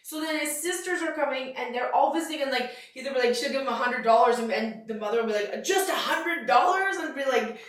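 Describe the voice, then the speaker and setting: A woman's voice: sits high, steady tone, very echoey, far from the mic, low-quality recording. A woman co-hosting a podcast in casual chat, rambling through stories and laughing easily. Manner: rambling, quick to laugh, fired up at times. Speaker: podcast co-host.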